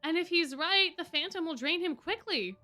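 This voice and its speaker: Panicky robot boy giving orders, woman reading him, bright high tone. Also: expressive, moderate pace, soft background music, exaggerated voice. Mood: urgent. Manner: urgent, commanding. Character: urgent robot boy with a voice module.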